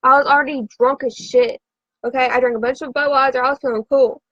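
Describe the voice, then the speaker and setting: A woman's voice: high-pitched, fairly even intonation, fast talker, no room sound, muffled recording. A woman who has been drinking, telling a rambling, profane story to a live audience in a frantic, confessional way.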